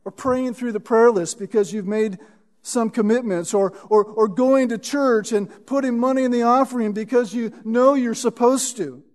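A man's voice: very high-pitched, moderate pace, a little mellow. A man preaching a sermon as a pastor, emphatic and given to repeating words as he builds a point.

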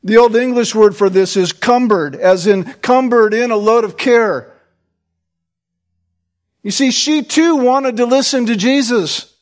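A man preaching a sermon, emphatic, often checking in with his listeners with a quick "right?" and restarting words as he presses a point. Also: extremely high pitch.

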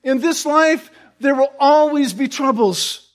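High-voiced preaching man, earnest. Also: slow. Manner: often asks "right?" to check in with listeners; earnest, explanatory preaching with restarts. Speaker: pastor. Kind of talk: sermon.

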